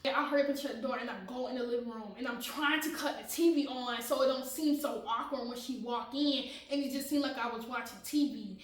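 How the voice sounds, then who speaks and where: A woman's voice: on the high side, quick pace, hardly any pauses, echoey room, recorded from a distance, poor audio. A woman vlogger telling a personal story in a casual, dramatic way, often laughing and talking straight to her viewers.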